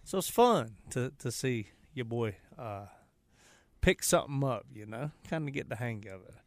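A man's voice: mid-range voice, expressive, normal speed, dry recording. A man co-hosting a casual radio talk show, joking and easygoing with plenty of "uh" fillers. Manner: joking, laid-back, trails off with "uh". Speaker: co-host. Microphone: studio mic. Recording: dry studio sound.

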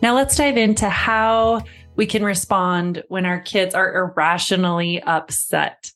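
A woman hosting a parenting podcast, speaking in a mid-pitched voice. She addresses the listener directly and calls them friend while explaining practical parenting steps. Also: steady tone, measured pace, fairly bright tone, soft background music. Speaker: podcast host and parenting coach. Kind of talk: scripted podcast talk.

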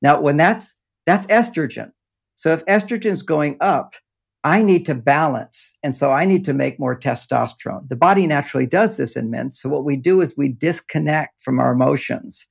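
A man's voice: on the high side, normal speed, gravelly, husky. An older man talking in a rambling, explanatory way in a casual interview, often breaking into laughter, speaking from an underground home office. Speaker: relationship author and guest.

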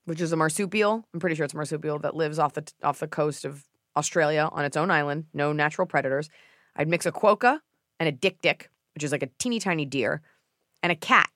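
A woman co-hosting a casual advice chat, cracking sarcastic, deadpan jokes. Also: deep voice, quick pace, dry recording, studio quality. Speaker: podcast co-host.

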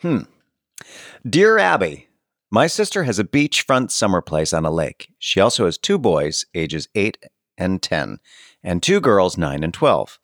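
Lively-toned man podcast co-host. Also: deep voice, measured pace, dry recording, studio quality. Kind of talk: casual chat and reading old letters aloud.

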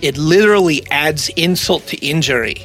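A man's voice: fairly high pitch, normal speed, bright, forceful tone, faint music behind. A man co-hosting a podcast, explaining things in casual chat and laughing often. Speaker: podcast co-host.

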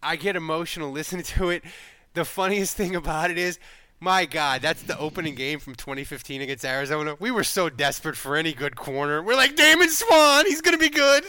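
Male podcast host, bright and clear, emotional and rambling, dry close mic. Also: on the high side, brisk, no room sound. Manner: emotional, rambling, self-interrupting. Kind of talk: casual podcast chat.

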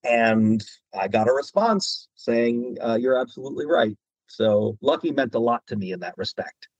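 A man being interviewed as a guest voice actor, telling stories in an animated way and slipping into quoted voices. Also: medium pitch, measured pace, no room sound, rough recording. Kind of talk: interview storytelling.

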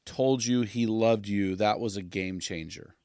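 A man's voice: on the low side, a little slow, darkish tone, no echo, studio quality. A man hosting an interview, asking questions with hesitant restarts. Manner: hesitant, repeats words when asking. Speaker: host.

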